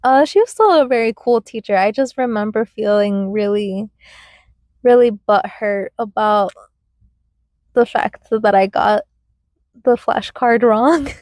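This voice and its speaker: A young woman from the United States tells stories from her childhood in an easy, chatty way, laughing often and leaning on fillers. Her voice sits fairly high and her pace is slow and unhurried. The recording is dry and close, with no room sound. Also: a little mellow, no room sound. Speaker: podcast host. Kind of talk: casual storytelling.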